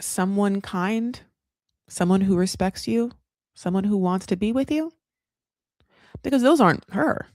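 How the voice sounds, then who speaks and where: Sassy, animated woman recapping reality TV. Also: medium pitch, measured pace, pauses often, dry recording, clean studio sound. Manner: animated, sassy, swears freely, talks in bursts. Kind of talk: casual recap commentary.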